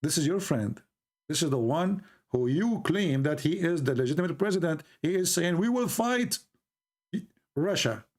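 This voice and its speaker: Speaking at a moderate pace, this man is an online commentator whose high voice carries a Middle Eastern Arabic accent. He's animated and mocking as he shares opinions and stories casually, repeating words and chuckling at his own remarks.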